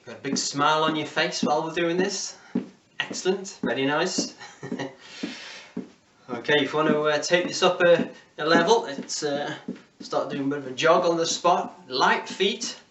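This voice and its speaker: A man's voice: fairly high pitch, moderate pace, a bit bright, distant mic, a little hiss or hum. Encouraging male fitness instructor, echoey room. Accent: English. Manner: encouraging, counting down reps. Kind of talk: home workout class instruction.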